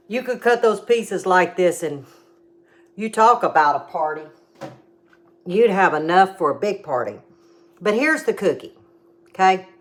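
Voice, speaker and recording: A woman's voice: low-pitched, a bit bright. A middle-aged woman, hosting a casual home cooking demo with chatty, homey explanations and tasting.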